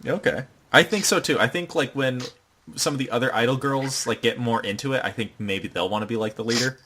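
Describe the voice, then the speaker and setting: A young man co-hosting a podcast, casually recapping an anime episode in a rambling way and acting out the characters' lines in quick put-on voices. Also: mid-range voice, sharp tone, a little hiss or hum. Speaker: podcast co-host.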